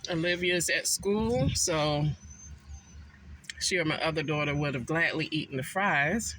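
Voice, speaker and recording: A man eating a meal in a car and chatting casually to his viewers, unhurried and full of ums. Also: a little high, pushed and bright, slight background noise, poor audio. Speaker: food vlogger. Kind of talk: casual mukbang chat.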